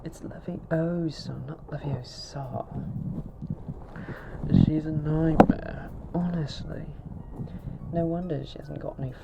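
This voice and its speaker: A man's voice: fairly high pitch, fairly even intonation, slow, creaky, long pauses, muffled recording, heavy background noise, voice pushed up. A man doing an impression of a sulky teenage boy wizard, complaining in a whiny mock-British voice. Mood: exasperated.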